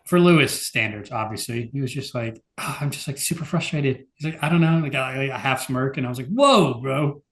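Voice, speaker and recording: A man's voice: mid-range voice, expressive, fairly quick, hardly any pauses, a bit bright. A man with a mid-range voice co-hosts a podcast in loose, casual chat. He leans on fillers and sounds exasperated as he rambles through his points. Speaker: podcast co-host.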